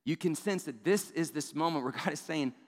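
A man's voice: a little high, a little fast, in a large hall. A man and father preaching a sermon in a conversational way, often tossing in rhetorical "right?" asides. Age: adult parent of young children. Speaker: pastor.

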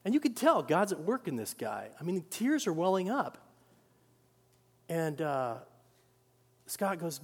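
A male pastor preaching in a high, bright register, his voice ringing through a large hall with a long, lingering reverb. He swings between hushed, close passages and loud, emphatic bursts. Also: big pitch swings, unhurried, long pauses, slightly rough. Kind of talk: sermon.

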